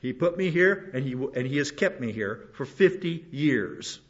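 A man's voice: medium pitch, expressive, measured pace. An older man, a pastor, preaching a rambling sermon with many restarts and asides. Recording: dull lo-fi recording.

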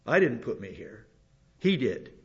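A man's voice: medium pitch, very animated, unhurried. An older man, a pastor, preaching a rambling sermon with many restarts and asides. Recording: dull lo-fi recording.

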